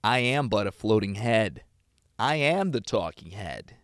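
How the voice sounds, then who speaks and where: A man's voice: lowish voice, big pitch swings, a little slow, fairly bright tone, no room sound, studio quality. Playful man chatting on a livestream. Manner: playful, joking, goofy asides. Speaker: livestreamer greeting chat. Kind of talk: casual livestream chat.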